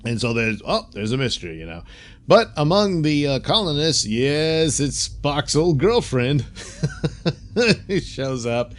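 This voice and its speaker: Male host, relaxed recap talk, filler-heavy, giggly, average pitch. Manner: chatty, laughs often, many fillers, quick voice impressions. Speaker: reviewer, host. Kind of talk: casual episode review.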